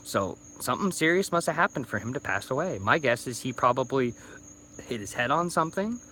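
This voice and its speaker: A man's voice: medium pitch, expressive, brisk, pushed and bright, a little hiss or hum. A thirty-year-old man, a little drunk, rambling through a casual vlog rant with stumbling restarts and swearing, recorded on a phone. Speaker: YouTuber.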